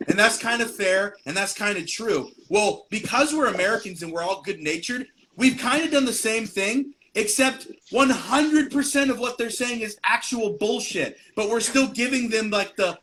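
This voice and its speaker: High-voiced man ranting combatively. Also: normal speed, few pauses, pushed and bright, a little hiss or hum. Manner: combative, profane, mocking. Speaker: podcast host. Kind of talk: heated live-stream rant.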